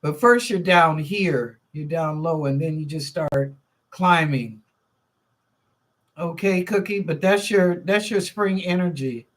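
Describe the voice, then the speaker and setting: A deep-voiced woman speaks slowly while hosting a psychic reading live stream. She takes questions from the chat in a relaxed, conversational manner, working things out aloud and repeating herself.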